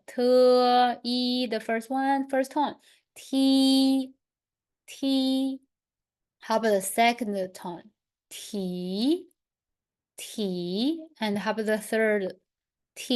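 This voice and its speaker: A woman teaching a pronunciation lesson, stretching out single syllables for learners to repeat and explaining each step patiently. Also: mid-range voice. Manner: patient, gently repetitive explaining. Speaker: language teacher.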